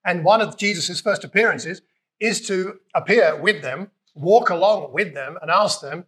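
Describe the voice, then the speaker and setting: British guy giving a sermon, kinda high voice, chatty, gets animated doing the quotes. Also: unhurried. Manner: conversational, animated, acts out quotes with raised voice. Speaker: preacher.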